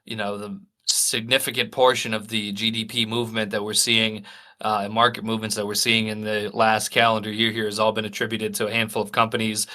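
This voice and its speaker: A man getting over a cold, co-hosting a casual podcast chat and speaking haltingly with many fillers and restarts. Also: fairly low pitch, little pitch movement, sharp tone. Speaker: podcast co-host.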